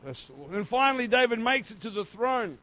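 A man preaching a sermon as pastor, swinging between loud, fervent passages and quiet, low stretches. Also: very animated, fairly quick, rough recording.

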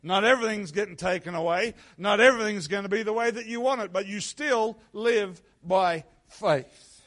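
A man giving a sermon as pastor in a church, moving from quiet reflective teaching into loud, fervent prayer. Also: high-pitched, normal speed. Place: church sanctuary. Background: soft instrumental music.

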